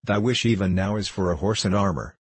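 A man reading aloud gives a humble, eager merchant who pleads in a hurried, earnest way. The voice is deep and a little husky. It sounds close and dry, with no room echo. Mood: pleading. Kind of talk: audiobook character voice.

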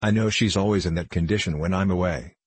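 A man reading an audiobook, voicing a sour, cruel male dwarf who talks in a dry, sneering, deliberate way. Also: low voice, breathy edge, no room sound.

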